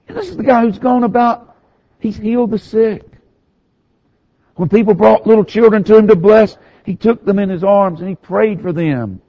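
A male pastor preaching a sermon, telling the story with animated swings from hushed to raised delivery. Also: sits high, normal speed, highs cut off.

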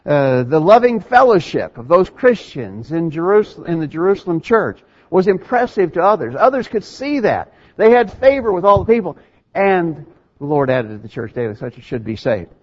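A man's voice: fairly high pitch, very animated, moderate pace. A man preaching a sermon who reads scripture aloud and asks his listeners rhetorical questions. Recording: dull lo-fi sermon recording.

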